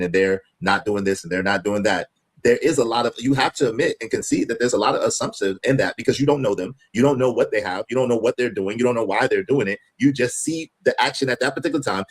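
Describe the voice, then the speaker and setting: A man hosts a live-stream debate and presses his argument with measured persistence, repeating phrases for weight. His voice is husky and his pace quick. He sits at a medium pitch.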